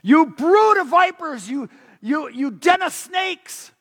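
A man voicing an angry Jesus who loudly rebukes hypocrites, slow and forceful, in a reverberant hall. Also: very high-pitched, lively intonation, voice pushed up, full character voice. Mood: furious. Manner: shouting, fierce, slow and forceful.

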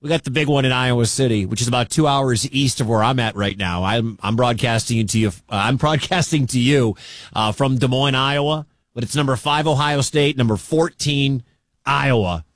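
A man's voice: medium pitch, normal speed, no room sound, studio quality. A man from the American Midwest hosting a sports radio show, chatting through college football scores and coach clips. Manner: conversational, chatty asides. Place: radio studio.

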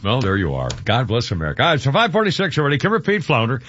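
A man's voice: mid-range voice, huge pitch swings, rapid-fire, fairly bright tone, slight background noise. A man hosting a radio show, chatting casually, laughing often and restarting his sentences. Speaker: radio host. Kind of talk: casual talk radio banter. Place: radio studio. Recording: dull radio studio sound.

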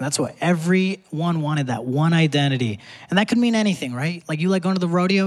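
A man's voice: on the high side, animated, fairly quick. A man performing a stand-up comedy set on a theater stage, talking in a punchy, conversational way with asides to the crowd. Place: theater stage before a live audience. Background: audience laughter and faint room noise.

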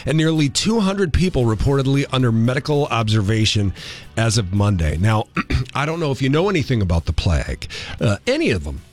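A man hosting a morning radio show, jokey and animated, full of asides and playful tangents. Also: mid-range voice, fairly quick. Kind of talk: casual radio banter.

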